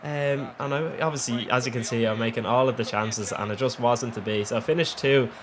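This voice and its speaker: Cheeky, excitable Irish young man. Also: medium pitch, a little fast. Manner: cheeky, excitable, laughs often, swears casually. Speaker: gaming channel host. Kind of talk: gameplay voice-over commentary.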